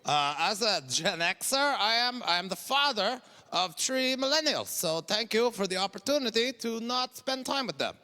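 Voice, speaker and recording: A man in his forties with a Quebec French accent, doing an exasperated, ranting stand-up set and shouting his punchlines. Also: high-pitched, animated, normal speed, few pauses. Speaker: stand-up comedian. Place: comedy festival stage. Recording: noisy live stage recording.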